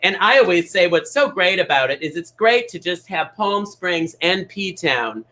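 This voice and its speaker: Flamboyant guy hosting online bingo, high bright voice, gushes and teases. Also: expressive, measured pace. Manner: campy, gushing, teasing. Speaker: host. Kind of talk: upbeat bingo livestream chat.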